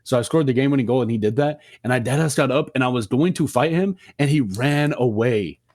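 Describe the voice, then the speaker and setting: A young man co-hosting a podcast, telling a story in a slangy, profane, animated way. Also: mid-range voice, fairly quick. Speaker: podcast co-host. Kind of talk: casual storytelling chat.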